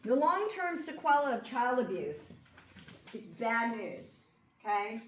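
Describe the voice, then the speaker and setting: A woman at mid pitch gives a lecture, chatting her way through the material and checking in with her listeners along the way. The mic sits well away from her, so her voice comes across distant in an echoey room. A faint hum runs underneath. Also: very animated, slow pace. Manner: conversational, checks in with listeners by asking 'okay?' and 'right?'. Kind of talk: classroom lecture.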